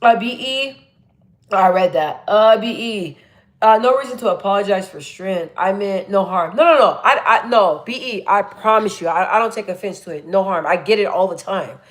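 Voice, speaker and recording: Chatty woman on a livestream, deep voice pushed up a bit, blunt, lotsa energy, mid pitch. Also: normal speed. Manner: chatty, blunt and energetic, full of fillers and restarts. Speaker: live streamer reading chat comments. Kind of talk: casual live-stream chat.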